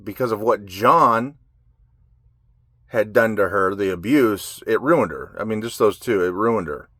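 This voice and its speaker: A man's voice: on the low side, measured pace, fairly bright tone, no room sound, studio quality. A man telling his life story in a raw, blunt monologue, swearing constantly. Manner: heavy profanity, blunt and agitated.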